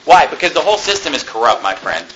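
A pastor preaching an emphatic sermon, reading scripture aloud and shouting rebukes. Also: male voice, on the high side, sing-song, fast, dull audio. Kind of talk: fiery sermon.

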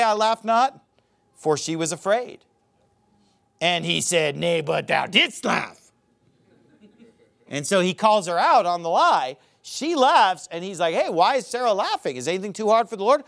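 Preacher, male, high voice with big swings, animated sermon delivery. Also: normal speed. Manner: animated preaching, mocking acted quotes. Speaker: pastor.

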